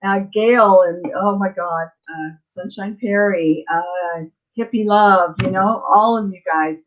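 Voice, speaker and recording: A middle-aged woman hosting a live stream, talking in a warm, halting, tearful way with many fillers. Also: medium pitch, narrow, tinny audio. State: tearful, close to crying. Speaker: spiritual channel host. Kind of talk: casual live-stream chat.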